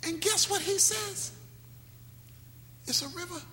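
A man preaching a sermon with speech, swinging between sudden shouts and slow, drawn-out phrases. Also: extremely high pitch, slight background noise. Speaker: pastor. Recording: echoey hall with faint music.

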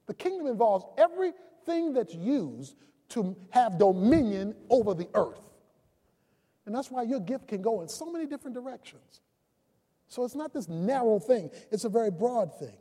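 Pastor, male, emphatic sermon delivery, swooping pitch, leaning hard on key words. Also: sing-song, moderate pace, slightly rough. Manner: emphatic preaching, rising to shouts on key words. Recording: long reverb of a large hall.

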